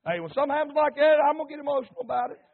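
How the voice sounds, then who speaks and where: A man preaching an impassioned sermon, repeating phrases, asking the congregation questions and rising to shouts. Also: very high voice, animated, rapid-fire. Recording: tinny phone-like recording.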